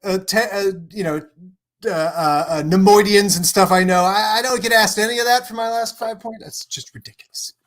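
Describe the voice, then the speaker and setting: A man on a livestream as a guest, chatting casually in a rambling, animated way, full of fillers and laughs. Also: high-pitched, moderate pace. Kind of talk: casual chat. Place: home, on a livestream.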